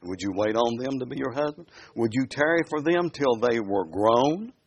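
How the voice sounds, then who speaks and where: Animated male preacher asking questions. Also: medium pitch, slight background noise. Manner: animated, asks the listeners questions; reads scripture aloud slowly. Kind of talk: sermon.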